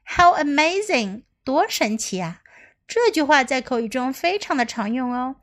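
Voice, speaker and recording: A woman English teacher reading a story to children in two languages and leading practice, in a gentle, encouraging way. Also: high voice, sing-song, normal speed.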